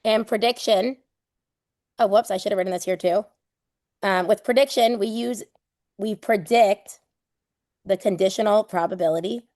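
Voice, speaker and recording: A woman teaching a live online exam prep class, lively and playful, casual with swearing, acting out everyday examples. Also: mid-range voice, moderate pace, long pauses, no room sound, clean studio sound.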